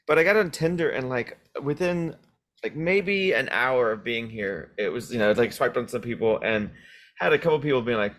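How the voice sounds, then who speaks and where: A woman's voice: rumbling low, animated, normal speed. A woman hosting a casual podcast chat, a rambling, laughing storyteller. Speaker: podcast host.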